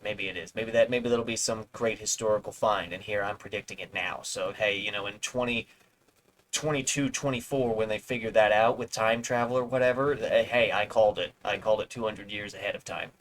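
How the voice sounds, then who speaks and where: A man's voice: on the low side, steady tone, a little fast, a bit bright, a little hiss or hum, low-quality recording. Rambling male streamer reading an article. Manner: rambling, sarcastic asides, swears, trips over words. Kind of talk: reading an article aloud with live commentary. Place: home streaming setup.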